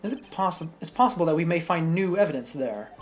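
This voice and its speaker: A woman reading a grave, low-voiced prosecutor. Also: lively intonation, fast talker, natural voice. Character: grave, composed male prosecutor.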